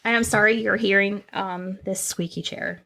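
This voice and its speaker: Lady podcast co-host, gravelly voice, chatty, goes off on tangents. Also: medium pitch, steady tone, normal speed, sharp tone, a little hiss or hum. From Northern Kentucky. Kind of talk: casual chat. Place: indoors, seated on a squeaky chair.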